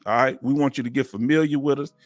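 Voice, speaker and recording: A man's voice: mid-range voice, steady tone, fast talker, no room sound, soft background music. A man in his fifties from Texas with a Southern accent, hosting a casual live-stream chat and chatting in a folksy way as he reads out viewer comments. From Texas, United States. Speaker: host of a veterans live chat.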